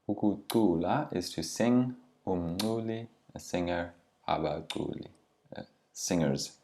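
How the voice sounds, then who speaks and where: A man's voice: deep voice, dark tone. A man teaching a language lesson, saying each word carefully and then giving its meaning. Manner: deliberate, pronounces each word then glosses it.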